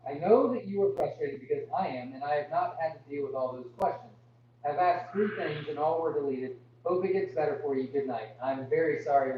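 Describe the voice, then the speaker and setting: A young man hosting a live farm Q&A, reading viewer comments aloud and answering with apologies, straining his voice to talk louder. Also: medium pitch. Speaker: farm livestream host. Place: indoors on a farm. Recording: muffled, distant, echoey, with hum.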